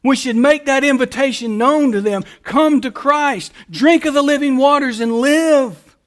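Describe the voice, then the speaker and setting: A man with an unusually high voice delivers a sermon. He talks in an emphatic preaching manner, swinging from quiet, explanatory passages to loud, stretched-out calls. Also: measured pace. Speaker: pastor.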